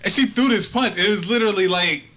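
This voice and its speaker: A young man casually telling a story to friends, profane and animated, acting out what people said. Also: high voice, fast talker. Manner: profane, animated, acts out quotes.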